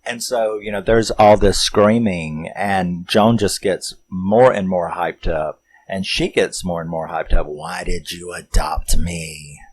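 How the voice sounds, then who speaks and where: A man with a low, deep voice and a drawl talks through a movie he loves. He rambles, retells its scenes with plenty of fillers, and acts out the characters' lines. The tone is a loose, casual film recap. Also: a little slow, low-quality recording. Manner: rambling, animated retelling with acted-out quotes and chuckles. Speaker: movie review host.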